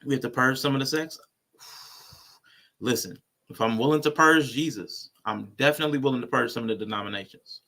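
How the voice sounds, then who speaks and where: A man's voice: mid-range voice, a little fast, gravelly, pushed and bright. A man hosting casual reaction commentary, blunt and conversational. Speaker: host.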